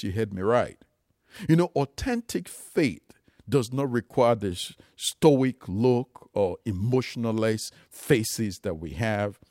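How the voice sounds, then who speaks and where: A man's voice: mid-range voice, darkish tone, no room sound, studio quality. A man preaching a sermon, emphatic and rising and falling for emphasis, calling his listeners loved ones.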